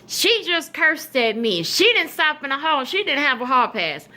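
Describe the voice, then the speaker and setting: A woman putting on a shrill, indignant schoolteacher. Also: very animated, normal speed, bright, forceful tone, exaggerated voice. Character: stern strict female schoolteacher, shrill and indignant.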